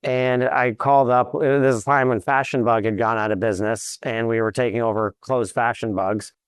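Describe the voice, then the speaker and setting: A man who works as a commercial real estate broker, a guest in an interview, telling lively anecdotes. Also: medium pitch, a little fast, smooth, dry recording. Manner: lively anecdotes, acts out quotes. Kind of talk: animated storytelling in an interview.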